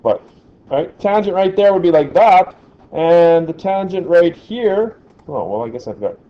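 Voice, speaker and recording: A man's voice: sits high, animated, unhurried, muffled recording. Man teaching a physics class. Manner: chatty, asks the class questions. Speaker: science teacher.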